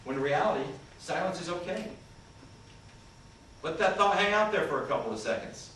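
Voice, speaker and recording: A man's voice: high voice, lively intonation, normal speed, a bit bright. Man lecturing in an echoey hall. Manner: interactive, questions the audience, demonstrates points. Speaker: communication skills trainer. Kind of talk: seminar presentation. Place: large conference hall. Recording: echoey hall, voice far from the mic, faint noise.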